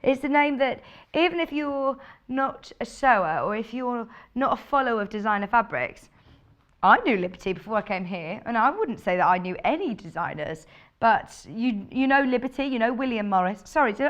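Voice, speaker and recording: A woman's voice: on the high side, lively intonation, a little fast. A woman presenting fabrics live on a shopping channel, chatty and gushing as she reads out viewer messages. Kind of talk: live on-air product presentation.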